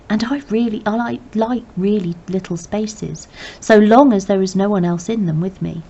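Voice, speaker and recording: A woman reading a novel aloud in plain, measured first-person narration. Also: lowish voice, gravelly, a little mellow. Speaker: reader. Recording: dull lo-fi recording.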